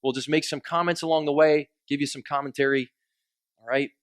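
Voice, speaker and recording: A man's voice: a little high, fairly even intonation, fairly quick, clean tone, no room sound. A man preaching a sermon in a conversational, joking way, acting out quoted complaints. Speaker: pastor.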